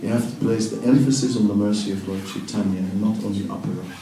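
A spiritual teacher answers a question in a devotional talk, speaking in a lowish, steady voice at a quick pace, earnest and reassuring, and repeating words for emphasis. Crowd noise can be heard. The room is echoey, the mic is distant, and there's faint background noise.

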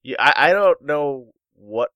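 In a dry, muffled recording, a male comedy podcast host reads news stories aloud and trades puns in casual chat. He speaks slowly and animatedly, his voice sitting on the high side.

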